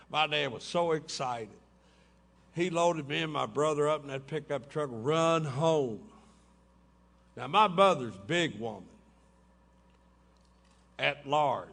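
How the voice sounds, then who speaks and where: A man with a slightly high, bright voice and some vocal fry tells folksy, funny stories to a recovery meeting in a hotel ballroom. He laughs along with his own jokes as he goes.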